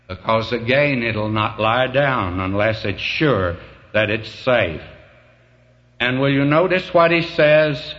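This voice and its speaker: Slow, fervent male preacher, lo-fi. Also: medium pitch, a bit bright. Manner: slow, folksy storytelling that swells to fervent emphasis; repeats the phrase "may I say to you". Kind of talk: sermon.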